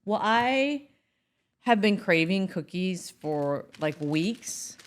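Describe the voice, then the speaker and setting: A middle-aged woman co-hosting a casual talk show, chatty with quick asides and frequent laughs. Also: mid-range voice, expressive. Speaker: podcast co-host. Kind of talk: casual chat.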